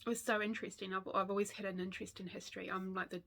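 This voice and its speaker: A woman's voice: mid-range voice, level tone, rapid-fire, creaky, a bit bright, a little hiss or hum. A grandmother in her fifties with a New Zealand accent, chatting casually to camera about her stitching, going off on tangents and laughing often. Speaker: stitching vlogger.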